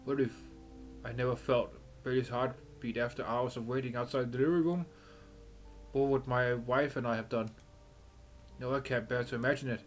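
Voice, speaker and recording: A man's voice: medium pitch, steady tone, normal speed, soft background music, lightly acted. A man reading aloud as an anxious young father in a game, pleading and emotional.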